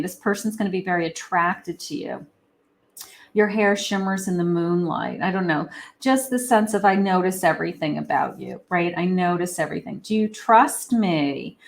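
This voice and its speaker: A woman, a psychic, giving a rambling, casual tarot reading with many fillers. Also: medium pitch. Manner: acts out lovers' quoted lines.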